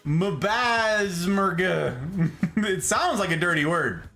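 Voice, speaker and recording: A man's voice: a little high, very animated, moderate pace, sharp tone, faint music behind. A man hosting a casual live stream, chatting playfully and greeting viewers by name. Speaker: streamer host. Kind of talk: casual chat reading live chat.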